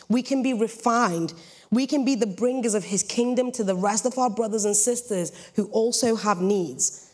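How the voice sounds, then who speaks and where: A young British woman preaching a sermon with a lively, jokey storytelling manner. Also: a little high. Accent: British English. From Britain.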